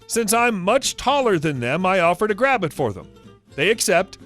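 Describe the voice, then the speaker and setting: A man's voice: sits high, sing-song, moderate pace. A man reading online stories aloud, with chatty asides between them. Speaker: story narrator. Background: soft guitar music.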